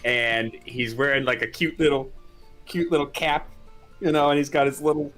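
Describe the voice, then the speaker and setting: A man's voice: mid-range voice, fairly even intonation, normal speed, fairly bright tone, soft background music. A man playing in a tabletop game, describing his ideas in a playful, fond way that tends to trail off. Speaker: player. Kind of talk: casual tabletop play.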